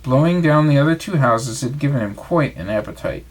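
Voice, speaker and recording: A father reading a bedtime storybook to his child, his voice rising and falling with a lively, sing-song intonation. His pitch sits mid-range, and he reads in a warm storytelling way. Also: brisk. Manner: expressive read-aloud voice.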